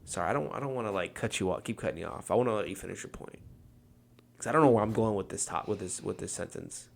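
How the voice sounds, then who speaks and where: A man's voice: fairly low pitch, fast, creaky. A man co-hosting a podcast, rambling and joking in casual chat. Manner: rambling, freestyling, playful. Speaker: podcast co-host.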